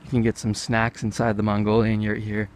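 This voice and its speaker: A man's voice: lowish voice, monotone, brisk, a little hiss or hum. Offhand American man vlogging outdoors. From United States. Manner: rambling, offhand, jokey asides. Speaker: travel vlogger. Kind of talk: casual walking commentary. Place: outdoor park with animal pens.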